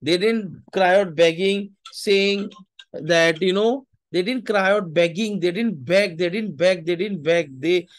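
Emphatic high-voiced preacher. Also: male voice, measured pace. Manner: emphatic, repeats phrases, mixes in Hindi asides. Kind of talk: sermon.

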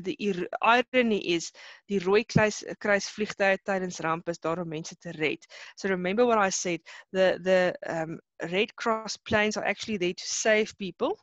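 A woman's voice: mid-range voice, fairly bright tone, no room sound. Hesitant woman teaching a poem. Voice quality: frequent hesitations and repeated words. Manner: explains slowly, mixing in Afrikaans terms. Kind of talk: online lesson explaining a poem.

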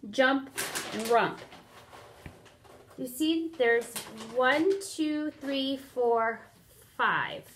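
A woman reads a picture book to children, her voice high and her pace slow and patient. She stops often to count out loud and ask the young listeners what they see. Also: slight background noise. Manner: interactive, asks children to count along. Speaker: storyteller for children.

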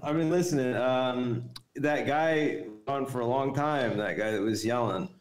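A man calling into a livestream show, talking in a hesitant, relaxed way with many fillers. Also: medium pitch, a little slow. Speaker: caller.

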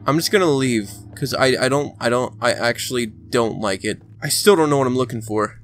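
A man giving casual let's play commentary, excitable and talking to the game character, sometimes breaking into shouts. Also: medium pitch, normal speed, faint music behind. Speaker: gaming channel host.

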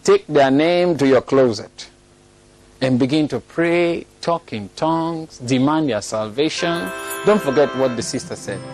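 A man's voice: medium pitch, lively intonation, measured pace, a little mellow, soft background music. A man preaching a sermon, telling a story and breaking into laughter at it now and then. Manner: storytelling, laughs often at his own story.

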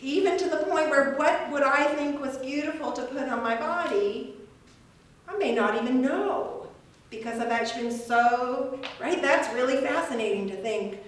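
A woman with a fairly high voice gives a casual gallery talk, reflective and rambling, laughing often. She is heard from a distance. The room is very echoey. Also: normal speed, slight background noise. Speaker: weaving artist giving a talk.

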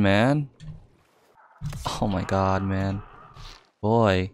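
A young man with a lowish voice talks through his game as he plays. He thinks out loud, then breaks into sudden exclamations and curses. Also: drawn-out words, long pauses. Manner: reactive, swears and exclaims often, thinks aloud. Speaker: gaming YouTuber. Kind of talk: live game commentary.

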